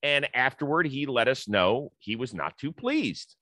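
A man's voice: mid-range voice, very animated, unhurried, sharp tone, no echo. A middle-aged man hosting a sports talk show, chatting casually and citing stats. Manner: conversational, stat-citing, storytelling.

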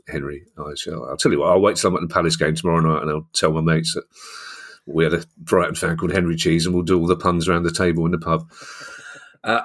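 A middle-aged man hosting a podcast, reading out listener questions with teasing, jokey banter. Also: low-pitched. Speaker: podcast host. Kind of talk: casual podcast chat.

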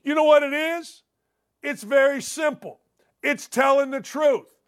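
A man's voice: extremely high pitch, measured pace, fairly bright tone. A man hosting a sports talk show, delivering a combative, opinionated monologue that repeats points for emphasis. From United States.

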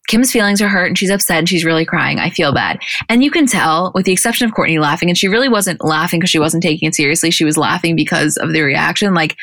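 A woman co-hosting a podcast, recapping episodes in animated, casual storytelling with the odd swear. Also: lowish voice, dry recording, clean studio sound. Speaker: podcast co-host.

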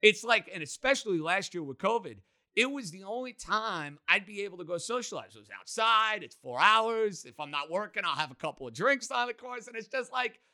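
Male sports host, very bright and forceful tone, slightly high pitch, punchy and energetic delivery. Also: a little fast. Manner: emphatic, energetic. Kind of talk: casual sports chat.

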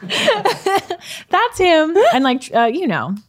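Woman, podcast co-host, bubbly, laughs a lot, casual chat, very lively pitch. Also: drawn-out words.

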